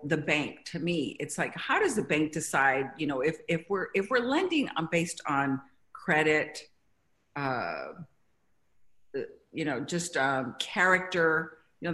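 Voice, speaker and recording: Low-voiced woman telling a story. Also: animated. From Mexico. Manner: warm storytelling, grows emotional, halting restarts. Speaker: interview guest. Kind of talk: conversational interview.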